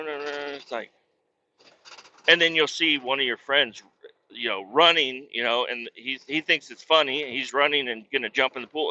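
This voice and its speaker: Bright-voiced profane man telling stories. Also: mid-range voice, lo-fi sound. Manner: profane, rambling and animated. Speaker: podcast host. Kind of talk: casual storytelling chat.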